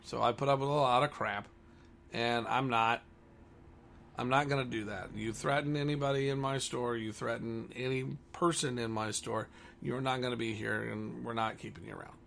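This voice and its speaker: A man's voice: mid-range voice, fairly even intonation, normal speed, creaky, fairly bright tone. A man who owns a comic store, talking bluntly and combatively in a ranting monologue.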